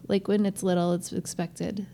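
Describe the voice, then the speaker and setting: A woman's voice: medium pitch, level tone, moderate pace, mellow. A middle-aged woman and mother co-hosting a casual family podcast, gushing and laughing often. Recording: faint background noise.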